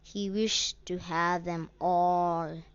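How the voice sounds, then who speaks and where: A woman slowly and deliberately reading a children's story aloud as its narrator. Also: lowish voice, little pitch movement, smooth, no room sound, muffled recording.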